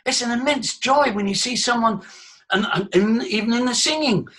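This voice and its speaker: Older male voice coach addressing a crowd: high, bright, sharp delivery, theatrical. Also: normal speed, slightly rough. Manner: exuberant, theatrical, swings between loud and soft. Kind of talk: talk to a live audience.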